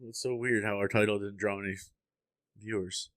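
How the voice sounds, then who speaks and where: A man's voice: fairly low pitch, fairly even intonation, normal speed, dry recording. A young man co-hosting a casual podcast, telling stories animatedly, swearing and acting out the people he quotes. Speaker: podcast co-host. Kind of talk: casual chat.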